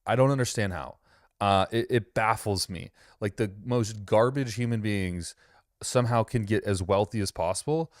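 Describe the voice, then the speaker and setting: A man's voice: fairly low pitch, normal speed, no room sound, studio quality. Laid-back sarcastic man reacting to clips. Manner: sarcastic, laughing, loose and profane. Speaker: host reacting to videos. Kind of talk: casual reaction commentary.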